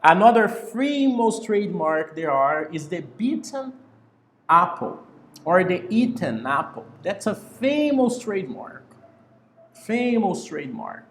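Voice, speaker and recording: A man's voice: sits high, very animated, takes it slowly, a bit bright, reverberant, slight background noise. A man teaching an online English class over a video call, patiently repeating key words.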